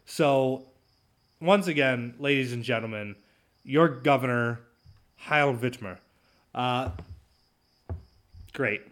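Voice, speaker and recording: A man hosting his own talk show, alone at the mic, with a voice of middling pitch. He rants in a sarcastic, mocking way, with plenty of ums and uhs as he goes. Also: takes it slowly, long pauses, fairly bright tone. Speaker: podcast host. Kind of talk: solo talk show commentary.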